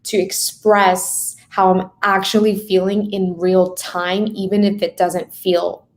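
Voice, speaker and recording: A woman's voice: mid-range voice, little pitch movement, slow pace. Chatty woman, full of "like". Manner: chatty, heavy on "like" and "right?". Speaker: podcast guest, mindset coach. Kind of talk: casual podcast conversation.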